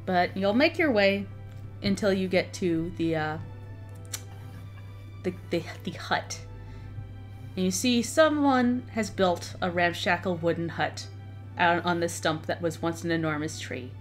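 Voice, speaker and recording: A woman's voice: fairly low pitch, moderate pace, soft background music. A woman narrating a tabletop game as dungeon master, describing scenes with occasional stumbles and repeated words.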